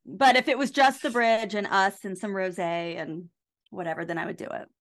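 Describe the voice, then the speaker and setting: A woman's voice: mid-range voice, steady tone, moderate pace, fairly bright tone. An American woman co-hosting a podcast in a bubbly, giggly way. She fills her chat with "like" and laughs along as she goes. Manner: bubbly, giggly, says "like" often. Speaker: podcast co-host. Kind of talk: casual chat.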